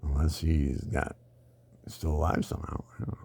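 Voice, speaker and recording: A man's voice: rumbling low, flat delivery, moderate pace, vocal fry, mellow, breathy edge. An older man telling rambling personal stories in a digressive way, often laughing at his own anecdotes.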